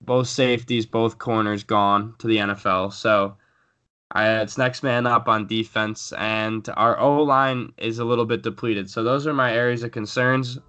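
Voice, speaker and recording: Young dude on a sports podcast, rambly, lots of ums, average voice. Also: male voice, medium pitch, steady tone, moderate pace, pushed and bright, clear, resonant tone, lo-fi sound. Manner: rambling, frequent fillers and restarts. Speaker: podcast co-host. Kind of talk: casual sports chat.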